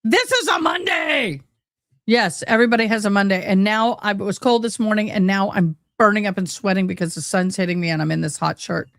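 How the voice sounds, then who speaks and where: She talks fast with few pauses, her mid-range voice creaky and fairly even in intonation. The casual YouTube livestream is delivered in agitated rants from a home room lit by window sunlight, using a close desk mic.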